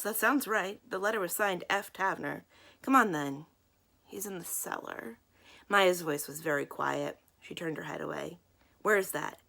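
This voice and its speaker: Low gravelly woman reading a children's book. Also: fairly bright tone. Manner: acts out the characters' lines in voices. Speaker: librarian reading aloud. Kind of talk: children's book read-aloud.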